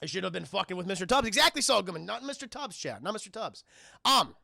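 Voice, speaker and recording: Streamer guy, high gravelly voice, bright tone, profane and rambling, talks to chat. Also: sing-song, quick pace, no room sound, clean studio sound. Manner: rambling, profane, laughs often, addresses chat. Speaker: film review streamer. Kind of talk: casual profane film recap to live chat.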